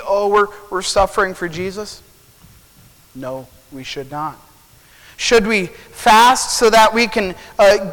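A man's voice: sits high, a bit bright, big-room sound, rough recording. A male preacher giving a sermon, retelling a Bible story and asking rhetorical questions.

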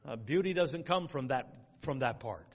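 A man's voice: medium pitch, expressive, normal speed, in a large hall. A man preaching a sermon in a folksy, plain-spoken way, working through numbered points and quoting scripture. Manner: folksy, outline-driven preaching with quoted scripture. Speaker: pastor.

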